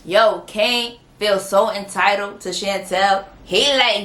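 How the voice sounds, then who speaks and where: A woman casually recapping a TV episode in an animated, sassy way, calling people honey and child. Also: mid-range voice, slow. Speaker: TV show reviewer. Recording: roomy echoey room.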